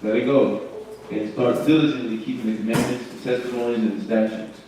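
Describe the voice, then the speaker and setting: Male study leader, loose rhetorical teaching, mellow, distant roomy muffled recording. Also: medium pitch, fairly even intonation, brisk, a little hiss or hum. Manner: conversational, repeats himself, asks rhetorical questions. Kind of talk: informal scripture teaching. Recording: echoey room, far from mic, muffled.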